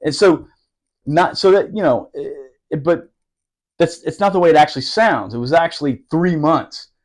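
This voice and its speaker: Profane storytelling man with a higher voice. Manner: profane, animated, laughing, fast asides. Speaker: podcast guest telling a story. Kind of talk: casual storytelling.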